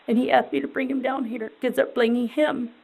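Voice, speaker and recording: A woman with a high voice full of gravelly fry, dazed and distraught as she answers questions in a police interview. She talks in halting, rambling bursts and keeps repeating herself. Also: flat delivery, a little mellow, low-quality recording.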